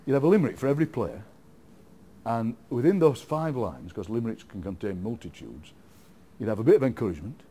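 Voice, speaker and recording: A middle-aged man with a Yorkshire accent, chatting in an interview as a guest poet, rambling and playful, quick to laugh. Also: mid-range voice, expressive, warm tone, a little hiss or hum. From England. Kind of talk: casual interview chat.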